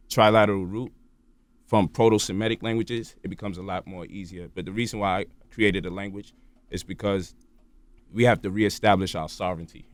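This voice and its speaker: Low-voiced man lecturing in dry studio sound. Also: no echo. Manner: explains at length, tags points with "right?" and "you feel me?". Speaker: guest on a radio show. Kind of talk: lecturing interview talk. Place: radio studio.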